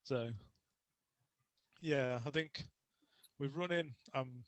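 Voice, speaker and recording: A man's voice: mid-range voice, drawn-out words, no room sound, poor audio. A young adult man chatting as a podcast guest, telling casual stories and laughing often. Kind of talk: casual interview chat.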